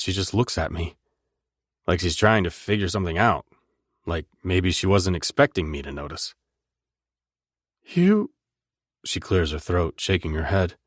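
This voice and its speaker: Male audiobook narrator, deep voice, intimate and measured, dry booth sound. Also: no echo. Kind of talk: first-person romance narration.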